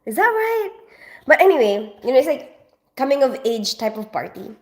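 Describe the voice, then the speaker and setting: A woman's voice: sits high, sing-song, normal speed, a little mellow. Filipina lady in her 40s rambling on a home livestream, stuffy allergy nose, lots of "you know"s. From Philippines. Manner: chatty, rambling, lots of fillers. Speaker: livestream host. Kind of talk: casual live chat with viewers.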